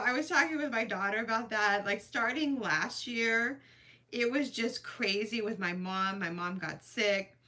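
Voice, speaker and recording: Bright-voiced chatty woman livestreamer. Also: fairly high pitch, measured pace. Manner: chatty, emotional, thanks viewers by name. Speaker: crochet livestream host. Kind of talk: casual live-stream chat.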